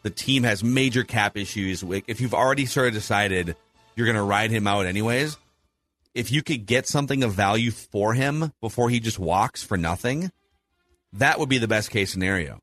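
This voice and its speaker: Man, host, casual sports talk, analytical, lowish voice, faint music bed. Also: moderate pace, a bit bright, no echo. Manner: analytical, runs polls and asks questions. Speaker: podcast host.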